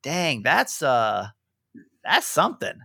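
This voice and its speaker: A man's voice: medium pitch, big pitch swings, slow pace, creaky, pushed and bright, slightly rough, no echo, studio quality. A man co-hosting a podcast, chatting casually, rambling and restarting his sentences and laughing easily. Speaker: podcast co-host.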